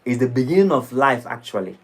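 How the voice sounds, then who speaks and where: A man preaching a sermon in a temple, dramatic and lively. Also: mid-range voice, fairly quick, poor audio. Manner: dramatic, shifting into mocking acted quotes. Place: temple hall.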